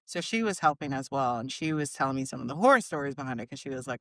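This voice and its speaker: A woman's voice: very deep voice, expressive, very fast, hardly any pauses, dry recording. A woman hosting a podcast, chatting casually and laughing often. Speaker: podcast host.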